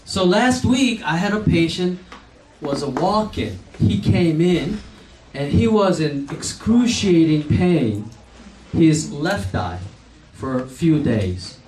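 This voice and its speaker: A slow, animated man in his forties tells stories from his eye practice to an audience, chuckling and playing out both sides of the talk. His voice sits a little high. It comes from far off in a roomy hall, with faint background noise. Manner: slow, chatty, laughs often, acts out dialogue. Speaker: optometrist speaking at a company event. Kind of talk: storytelling speech to an audience.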